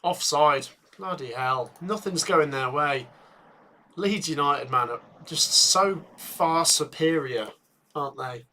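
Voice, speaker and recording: A man hosting a live football watchalong, chatting with viewers and getting excited at chances, a bit tired. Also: fairly high pitch, slow pace. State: tired, yawning. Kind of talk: live match commentary and chat.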